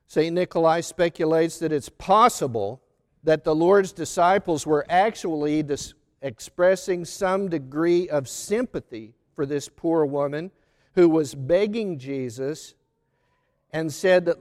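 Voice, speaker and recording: A man delivers a sermon with slow, deliberate phrasing, weighing each word. His voice sits high and comes through clear and smooth. Long reverb hangs behind him, as in a large church. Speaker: preacher. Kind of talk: sermon on a Gospel reading.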